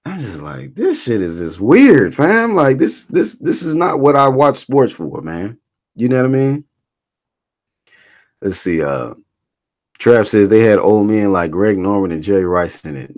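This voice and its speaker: A man with a low, darkish voice rambles through casual live-stream commentary. He reads chat comments and reacts to them with profane disbelief.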